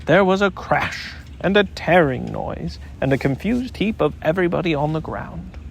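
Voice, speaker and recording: A man narrating a children's storybook audiobook in an expressive, gently paced reading. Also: a little high, moderate pace, creaky, a little hiss or hum.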